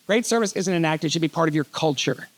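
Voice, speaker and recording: A middle-aged man giving an animated storytelling keynote on a conference stage, joking as he goes. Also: on the high side, quick pace. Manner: animated, reads letters aloud, jokey asides. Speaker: keynote speaker.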